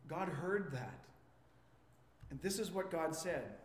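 A man's voice: a little high, slow pace. A man preaching as a pastor, questioning the congregation and acting out quotes with a lifting voice. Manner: animated, asks the congregation questions; acts out quotes with rising voice. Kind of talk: interactive sermon. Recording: echoey hall with long reverb.

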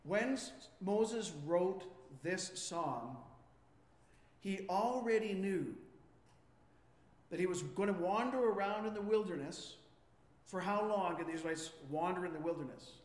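A male pastor in mid-sermon, quizzing the congregation and acting out the lines he quotes. His voice sits high. The sound carries a long reverb from a large church hall. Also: measured pace. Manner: animated, asks the congregation questions; acts out quotes with rising voice. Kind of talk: interactive sermon.

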